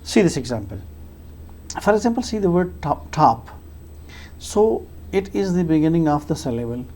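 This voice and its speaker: A teacher giving a lecture, halting and full of fillers, repeating key phrases to make points clear. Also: medium pitch, big pitch swings, dark tone. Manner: halting, with frequent fillers and restarts. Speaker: English teacher. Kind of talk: explanatory lecture.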